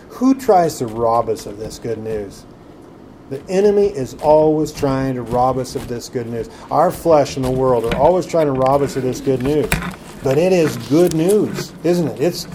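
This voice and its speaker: A man's voice: medium pitch, dark tone, slight background noise. A man preaching a sermon in a conversational way, full of rhetorical questions. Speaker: pastor.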